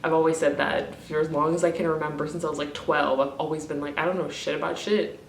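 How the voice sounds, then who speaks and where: A woman's voice: low voice, fairly even intonation, quick pace, gravelly, roomy sound, distant mic, a little hiss or hum. A woman ranting in an emotional vlog, crying, frustrated and rambling, swearing often. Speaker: vlogger.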